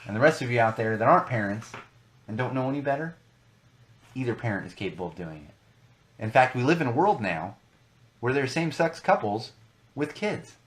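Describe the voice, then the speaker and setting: A man's voice: mid-range voice, very animated, a little fast, pauses often. A young adult man hosting a podcast, talking casually and emphatically, repeating words for stress. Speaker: podcast host.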